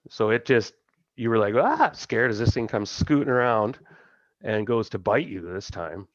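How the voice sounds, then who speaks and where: A man's voice: on the low side, normal speed, no room sound, highs cut off. A man casually running a tabletop game as game master, thinking aloud and laughing along with his players.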